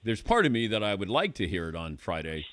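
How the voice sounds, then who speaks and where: An older man hosting a sports radio show, chatting casually with a wry, relaxed manner and frequent laughs. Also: lowish voice, fairly quick, no room sound. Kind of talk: casual studio banter.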